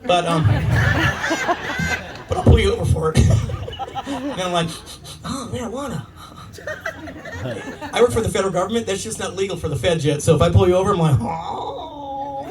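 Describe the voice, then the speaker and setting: A man performing a stand-up comedy set, telling animated stories and laughing at his own jokes. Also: high-pitched, a little fast, pauses often, over a noisy crowd. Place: comedy club stage. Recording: live room mic, distant, with audience. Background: audience laughter.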